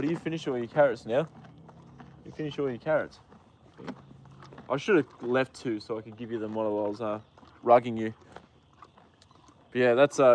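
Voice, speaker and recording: A man's voice: medium pitch, a little hiss or hum. A young Australian man hosting a casual live stream outdoors with his horse, greeting viewers by name with lots of fillers. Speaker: livestream host.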